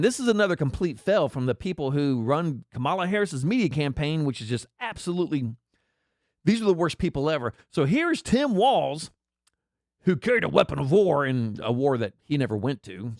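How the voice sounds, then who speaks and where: A man's voice: a little high, sing-song, fairly quick, a little mellow, no echo, clean studio sound. A man delivering a sarcastic, mocking political commentary rant. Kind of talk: ranting commentary.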